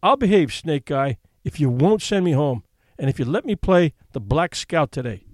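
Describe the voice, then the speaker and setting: A man's voice: a little high, lively intonation, normal speed, a little mellow, dry recording, studio quality, close to an everyday voice. A man voicing Red Chief, a wild, bratty young boy in an audiobook story, threatening and sullen by turns.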